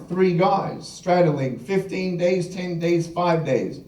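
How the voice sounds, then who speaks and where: A man's voice: high-pitched, slow pace, hardly any pauses, a little mellow. A man giving a live motivational keynote, telling humorous stories and acting out the quotes. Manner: humorous storyteller, acts out quotes with laughter. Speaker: motivational speaker. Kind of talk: live keynote speech with anecdotes. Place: large event hall. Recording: echoey hall, voice from far off.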